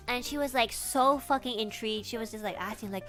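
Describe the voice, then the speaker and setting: Young woman streamer, casual storytelling, animated and profane, bright forceful tone, light music behind. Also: fairly high pitch, fairly quick, hardly any pauses. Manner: animated, swears freely, laughs often.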